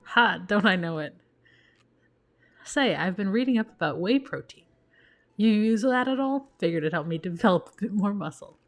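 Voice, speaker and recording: A woman's voice: medium pitch, animated, moderate pace, close to an everyday voice. A woman voicing a goofy, sentimental middle-aged dad in a dating game, with dorky jokes.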